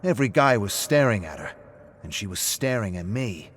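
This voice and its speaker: A man's voice: mid-range voice, expressive, a little slow, slight background noise, lightly acted. A man voicing a hotheaded, defensive man who brags and snaps back curtly. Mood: boasting. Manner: curt and defensive, snapping back.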